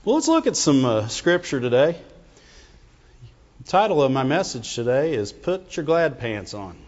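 A man's voice: mid-range voice, very animated, normal speed, darkish tone, slight background noise. A man preaching a conversational sermon to his congregation, often checking in with "Amen?" and "Right?". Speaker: pastor. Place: church sanctuary. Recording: dull reverberant church recording.

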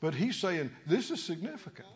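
Preaching a sermon at normal speed, this man's voice sits high and has a sing-song lilt. He calls out for responses from the congregation and climbs to emphatic peaks, and the lo-fi church recording carries a long reverb.

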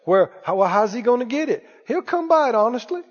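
A man preaching a lively sermon, calling out to the congregation and acting out anxious voices. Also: very high-pitched, fairly quick. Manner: animated, calls for responses, acts out worried voices. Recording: dull echoey hall recording.

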